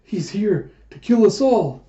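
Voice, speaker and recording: A man's voice: sits high, very animated, slow pace, warm tone, voice pushed up, exaggerated voice. A man voicing a frightened male villager who speaks urgently, in a slightly dull, roomy home recording. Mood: fearful.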